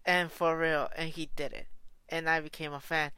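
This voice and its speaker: Casual vlogger woman, low-ish smooth voice, excitable and gushing, dry close sound. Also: moderate pace, no room sound. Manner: gushing, excitable, lots of restarts and exclamations; slangy, informal. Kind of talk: casual reaction vlog.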